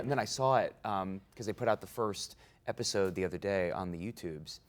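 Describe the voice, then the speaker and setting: A man in his twenties, an actor being interviewed, talking in a casual, animated way and laughing through his stories. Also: low voice, brisk. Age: 20s. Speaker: guest actor.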